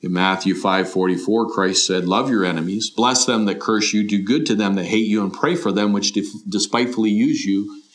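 A man's voice: fairly low pitch, moderate pace. A middle-aged man preaching a sermon in an earnest, questioning way, often voicing imagined listeners. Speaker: pastor.

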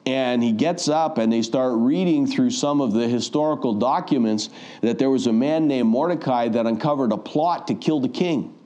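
Mellow-voiced man preaching a sermon. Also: mid-range voice, normal speed. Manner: storytelling, acts out quoted voices.

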